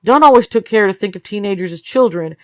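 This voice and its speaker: A woman's voice: medium pitch, expressive, quick pace, no echo. Tired woman reading a novel aloud. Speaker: audiobook reader. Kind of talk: read-along narration of a novel.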